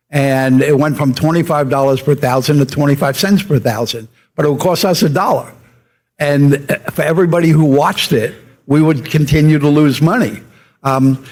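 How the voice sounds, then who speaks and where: A man's voice: fairly high pitch, darkish tone. An older man, a media entrepreneur, telling anecdotes in a fireside chat and acting out the people he quotes. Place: stage before a live audience.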